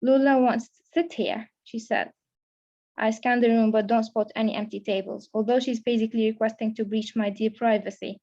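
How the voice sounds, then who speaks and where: A woman's voice: on the high side, flat delivery, fairly quick, mellow, highs cut off. A young woman, a creative writing student, reading her own first-person fiction aloud steadily, with small restarts. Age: young adult. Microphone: video call.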